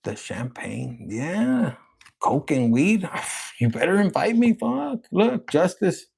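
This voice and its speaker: A gravelly, husky man talks through a tarot reading in a loose, rambling way. He swears constantly and gets excited as the cards come up. His voice sits a little high for a man. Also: takes it slowly. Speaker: tarot reader.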